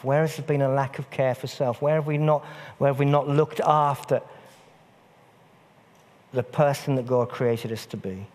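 A man's voice: mid-range voice, a little mellow. A man preaching a sermon in a church, earnest and repeating phrases for emphasis. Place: church hall. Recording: long church reverb.

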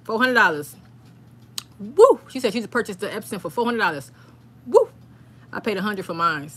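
A woman hosting a casual live stream, rambling excitedly and reading viewers' comments aloud. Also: mid-range voice, fast, breathy edge.

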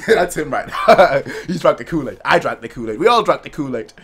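A man's voice: on the high side, very animated, normal speed, hardly any pauses, noisy background. Hyped guy reacting to manga, bouncy voice going all over, tosses in silly character voices. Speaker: manga reaction channel host. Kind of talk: excited manga reaction commentary.

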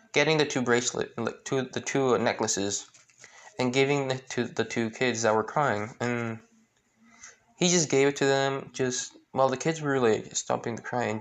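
A man retelling a fan story in a halting way, with many restarts and fillers. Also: mid-range voice.

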